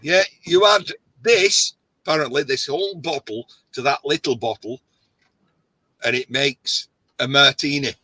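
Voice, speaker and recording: A man's voice: mid-range voice, a little slow, pushed and bright, slightly rough, dry recording, poor audio. A man hosting a casual livestream chat, rambling and jokey as he gets a little tipsy. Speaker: host.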